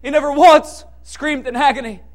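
A man preaching a sermon with impassioned delivery, dropping to hushed tones and then rising to shouted peaks. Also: extremely high pitch, steady tone, moderate pace.

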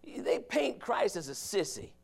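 A man preaching a fiery sermon from the pulpit, dropping to low murmurs and then rising to shouts. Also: big pitch swings, a little slow, creaky, husky. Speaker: pastor.

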